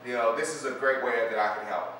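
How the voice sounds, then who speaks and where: A man voicing a trusting male frog in a told parable, pitching his voice up for the frog. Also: quick pace, fairly bright tone, natural voice. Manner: raises his voice high for the frog. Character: pleading male frog, trusting then frantic. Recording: echoey room, distant mic, faint noise.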